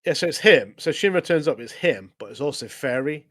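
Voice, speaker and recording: A man co-hosting a podcast, recapping episodes in casual, animated chat. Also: a little high, a little fast. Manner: animated recapping, frequent "mate". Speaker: podcast co-host.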